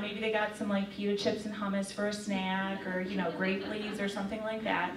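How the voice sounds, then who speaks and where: A woman's voice: medium pitch, steady tone, normal speed, a little hiss or hum. A woman giving a casual faith talk to young women, telling a story in a chatty way with lots of fillers. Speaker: speaker. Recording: echoey room, mic far off.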